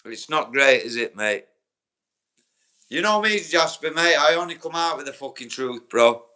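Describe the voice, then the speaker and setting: A man's voice: fairly high pitch, lively intonation, normal speed, bright, forceful tone. Blunt sweary Yorkshire man. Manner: blunt, sweary, talks straight to chat viewers by name. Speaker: livestream host. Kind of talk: casual livestream chat.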